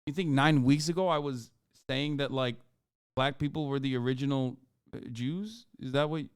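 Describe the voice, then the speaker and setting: A man's voice: medium pitch, normal speed, smooth, no echo, studio quality. A man in his thirties streaming, reacting to clips with profane, exasperated commentary.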